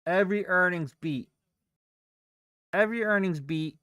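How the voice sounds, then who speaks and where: A man's voice: sits high, measured pace, a bit bright, clear, resonant tone, no room sound, studio quality. Profane young man ranting at trades. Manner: profane, exasperated outbursts. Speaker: day trader streaming live. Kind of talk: live trading stream, frustrated ranting.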